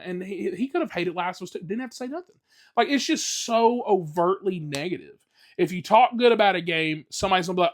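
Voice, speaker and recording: Man, podcast host, casual rant, swears a lot, fillers, a bit higher pitched. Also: fast talker. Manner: blunt, profane, animated ranting with many fillers.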